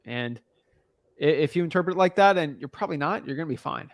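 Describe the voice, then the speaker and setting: A man's voice: a little high, expressive, quick pace, dry recording. A man coaching a newcomer on real estate wholesaling in a casual, blunt, slangy way.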